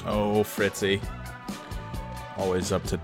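A man hosting a comedy show, telling a crude story deadpan and chatting casually with profanity. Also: low-pitched, slow, over music.

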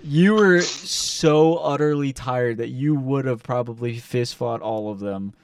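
A young man co-hosting a podcast, telling a story in casual chat, animated and profane, acting out quotes loudly. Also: medium pitch, a little slow, clear, resonant tone, dry recording, clean studio sound, far from the mic. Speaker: podcast co-host.

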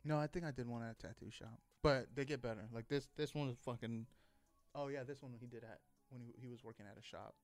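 A man chats loosely on a podcast, wandering through a story with plenty of fillers and casual swearing. His voice comes through smooth and clear. The sound is dry and close, with no room around it. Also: mid-range voice, fast, no echo, faint music behind. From Texas. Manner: rambling, swears freely, many fillers and restarts. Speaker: podcast host.

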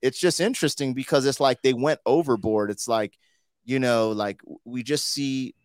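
A man's voice: mid-range voice, normal speed, no echo, studio quality. A man hosting a podcast in loose, slangy casual chat, full of "like" and "you know.". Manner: loose and slangy, full of 'like' and 'you know'. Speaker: podcast host.

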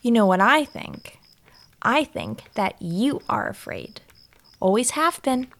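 An actress voicing an adoring young girlfriend, speaking softly and tenderly. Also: on the high side, wildly swooping pitch, slow, creaky, exaggerated voice. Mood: teasing. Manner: soft, tender, gently teasing. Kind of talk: audio drama acting.

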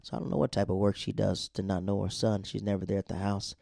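A man's voice: on the low side, flat delivery, quick pace, gravelly, warm tone, no room sound, clean studio sound. A man casually recapping a TV episode in a slangy, laid-back storytelling way.

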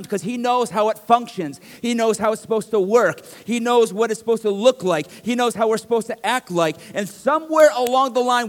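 Middle-aged guy pastor, high-ish voice, chatty sermon w/ emphatic bits, big echoey church sound. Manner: conversational preaching with jokes, rising to emphatic bursts. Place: church sanctuary.

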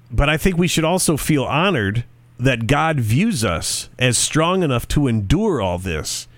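A man's voice: medium pitch, dry recording. A man co-hosting a podcast in casual chat, telling stories in a rambling, conversational way with frequent restarts. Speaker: podcast co-host.

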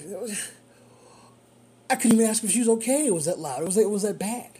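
A man who works as a rideshare driver, telling a story in a casual, animated way and chuckling often. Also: high voice, quick pace, breathy edge.

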